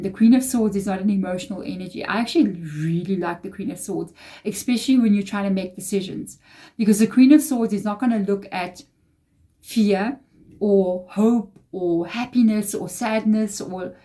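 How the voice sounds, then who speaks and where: A woman's voice: mid-range voice, warm tone. A woman giving a tarot reading to her viewers, earnest and reassuring, often repeating phrases for emphasis. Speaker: tarot reader.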